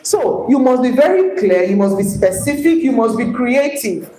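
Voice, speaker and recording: A woman with a Nigerian accent giving a live workshop lecture, animated and coaxing her audience with repeated points. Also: on the high side, normal speed, a little hiss or hum. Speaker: workshop trainer. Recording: echoey hall.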